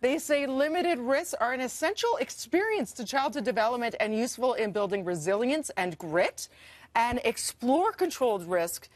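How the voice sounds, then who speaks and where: A woman's voice: fairly high pitch, lively intonation, moderate pace, no room sound. A woman in her forties co-hosting a morning show, talking in playful, chatty banter. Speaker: co-host.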